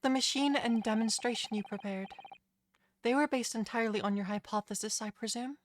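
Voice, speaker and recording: A woman's voice: a little high, fairly quick, slight background noise, lightly acted. A woman voicing a polite, hesitant young male defense lawyer in a video game. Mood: questioning.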